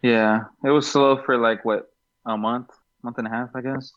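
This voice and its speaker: A man's voice: medium pitch, fairly even intonation, normal speed. A man chatting casually on a podcast, laid-back and rambling about work. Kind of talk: casual chat. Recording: slightly dull lo-fi sound.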